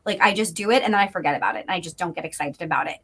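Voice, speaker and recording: A woman voice actor chatting as a guest in a live interview, bubbly and talkative, with lots of fillers and quick laughs, heard over a video call. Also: lowish voice, fairly bright tone, slightly rough. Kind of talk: casual live interview chat.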